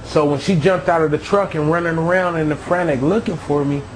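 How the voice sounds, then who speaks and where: A man's voice: fairly high pitch, fairly even intonation, a little fast, slight background noise, low-quality recording. A man telling his own near-death story as a testimony, with emotional storytelling.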